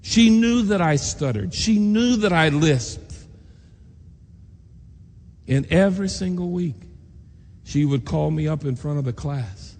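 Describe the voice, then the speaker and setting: A man's voice: on the high side, animated, takes it slowly, long pauses, darkish tone. A man preacher telling a personal story in an earnest, emotional sermon, acting out the voices of people he quotes. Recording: long reverb in a large hall, faint noise.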